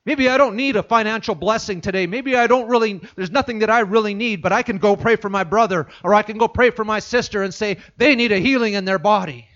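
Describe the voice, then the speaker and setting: A man's voice: high-pitched, fast talker, hardly any pauses, a bit bright. A man preaching a sermon, retelling a story and repeating phrases for emphasis, in a dull lo-fi recording.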